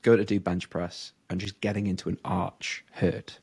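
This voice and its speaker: A man's voice: low voice, little pitch movement, moderate pace, a little mellow, husky. A young man co-hosting a casual podcast chat, telling stories with lots of fillers and laughs. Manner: chatty storytelling, frequent "like" fillers and laughs. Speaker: podcast co-host, powerlifter.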